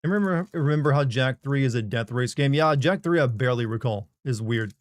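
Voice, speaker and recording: A man's voice: mid-range voice, expressive, a little fast, no room sound. A man chatting casually on a live game stream, reading out viewer questions and commenting on his pet in a laid-back, rambling way.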